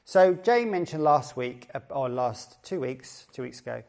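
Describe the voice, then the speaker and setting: Chatty Essex pastor preaching a sermon. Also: male voice, mid-range voice, expressive, unhurried, creaky, a little mellow. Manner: chatty, joking, repeats phrases. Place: church service.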